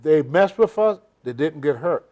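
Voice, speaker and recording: A man's voice: fairly high pitch, expressive, normal speed, dark tone. An older man, a senior citizen, telling emphatic, rambling stories with loose grammar as an interview guest. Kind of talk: shoot interview storytelling.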